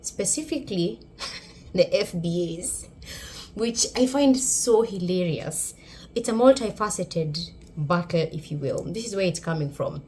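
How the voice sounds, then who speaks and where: A woman from Kenya with a Kenyan accent, speaking a little low for a woman. She gives a sarcastic, emphatic commentary for her vlog. Faint background noise runs under her voice. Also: animated, measured pace, dark tone. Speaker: YouTube commentator.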